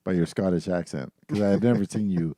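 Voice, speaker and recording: A man's voice: sits low, fast, warm tone, dry recording, studio quality. A middle-aged man hosting a podcast, teasing and joking and laughing mid-sentence. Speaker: podcast host. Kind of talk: casual chat.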